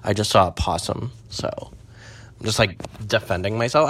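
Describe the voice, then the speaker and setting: Young man, bright edgy voice, profane rambling chat, parked car. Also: lowish voice, moderate pace, slightly rough. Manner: profane, rambling, swinging from mutters to squeals. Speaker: vlogger. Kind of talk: rambling casual monologue.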